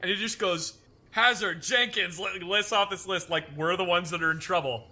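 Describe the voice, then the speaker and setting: A man's voice: sits high, moderate pace, bright, forceful tone. A young man telling a funny army story to a group, laughing through his lines. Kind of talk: comic storytelling.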